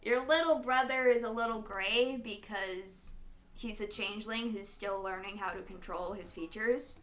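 A woman narrating as game master of a tabletop game, chatty and giggly. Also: medium pitch. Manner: giggly, chatty, quick to laugh.

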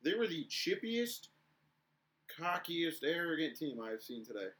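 Lively young man telling hockey stories. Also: fairly high pitch, normal speed. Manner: animated storytelling, acting out shouted quotes. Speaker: podcast co-host. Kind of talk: casual chat.

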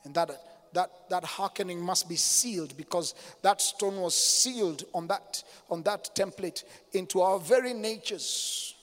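High-voiced preaching man in a hall. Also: a little slow. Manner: impassioned preaching, swings from loud declarations to hushed intensity; calls on the congregation to respond. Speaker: pastor. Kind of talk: sermon. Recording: long hall reverb with faint music behind.

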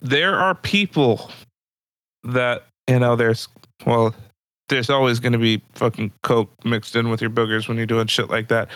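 A man's voice: mid-range voice, fairly even intonation, a little slow, fairly bright tone, no room sound. A man co-hosting a casual podcast, telling crude stories and laughing often. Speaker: podcast co-host. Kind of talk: casual chat.

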